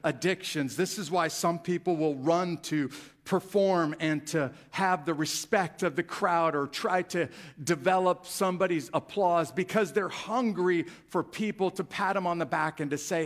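With a slightly high voice and an unhurried pace, a male pastor preaches animatedly, raising his volume and stressing the key phrases.

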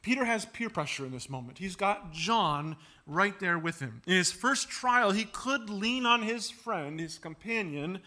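Bright-voiced man preaching a sermon. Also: sits high, expressive, measured pace. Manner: asks rhetorical questions and acts out quoted dialogue; earnest, repeats words as he builds points. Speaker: pastor.

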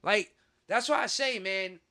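A man hosting a podcast, ranting in a heated, profane way with sudden loud outbursts. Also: high voice, unhurried, no echo, clean studio sound. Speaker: podcast host. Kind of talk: casual podcast rant.

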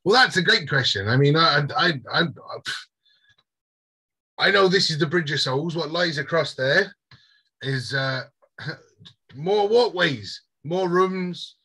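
A man with a British accent voicing a lost, weary male dwarf survivor in his own bright, husky voice, blunt and rambling. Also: on the high side, takes it slowly, pauses often, pitched above the performer's own voice, exaggerated voice. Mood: musing. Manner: blunt, rambling, swears freely. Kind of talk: game master voicing a character.

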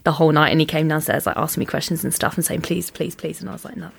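A woman's voice: low-pitched, racing, gravelly. A woman chatting as a guest, telling a story and acting out the dialogue with lots of "like". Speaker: podcast guest. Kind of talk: casual anecdote telling.

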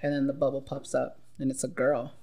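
A woman's voice: rumbling low, monotone, fairly quick, gravelly, warm tone. A woman guest on a podcast, telling stories playfully and acting out quoted lines. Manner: laughing, playful, acts out quotes. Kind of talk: casual chat.

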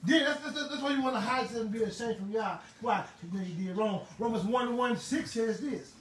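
A man preaching a sermon in a fervent, emphatic way, now and then bursting into shouts. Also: very high-pitched, a little fast. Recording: roomy, distant mic, faint ambient noise.

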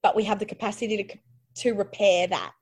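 A woman's voice: mid-range voice, steady tone, fairly quick, slightly rough. A woman, a podcast guest talking candidly and reflectively, often trailing off and starting over. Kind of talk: candid conversational interview.

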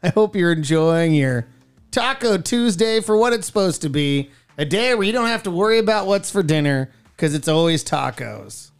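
A woman's voice: lowish voice, lively intonation, clear, resonant tone, faint music behind. A woman co-hosting a radio show, chatting and joking in a playful, teasing way. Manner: playful, teasing, quick jokes. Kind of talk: casual morning radio banter.

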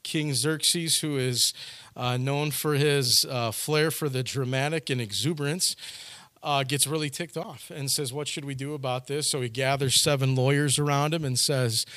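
A man's voice: medium pitch, fairly even intonation, measured pace, a bit bright, no room sound. A male pastor preaching a sermon in a casual storytelling way, often restarting his phrases.

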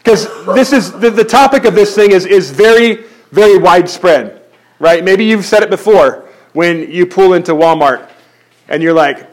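A man delivers a sermon in a conversational, animated way, his voice sitting fairly high for a man. He often restarts mid-sentence as he works through his points. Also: moderate pace. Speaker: pastor.

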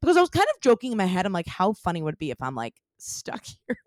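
A woman's voice: medium pitch, rapid-fire, no room sound, clean studio sound. A young adult woman co-hosting a podcast, telling a story in casual chat with many "like" fillers. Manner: animated storytelling, lots of "like" fillers. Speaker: podcast co-host.

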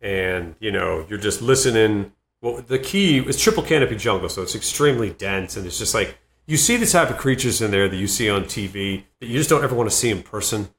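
A comedian and former Marine in his fifties, telling animated stories in an interview and laughing between lines. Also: on the low side, brisk, hardly any pauses. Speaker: comedian and Marine veteran guest. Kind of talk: storytelling interview. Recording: roomy echo.

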